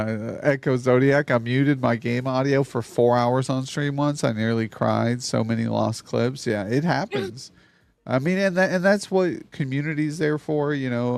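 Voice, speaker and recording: A man's voice: medium pitch, gravelly, a little mellow, no echo. A man hosting a live stream, chatting casually and loosely with a guest and his chat and swearing freely. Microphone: streaming mic on a mixer.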